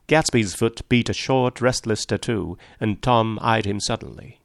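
A man narrating a classic novel in a measured, low-key reading. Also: gravelly, no echo, clean studio sound. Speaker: audiobook narrator. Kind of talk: literary audiobook narration.

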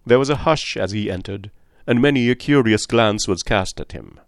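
Brief: male audiobook narrator, low voice, dry close recording. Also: gravelly, no room sound. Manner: steady, measured reading.

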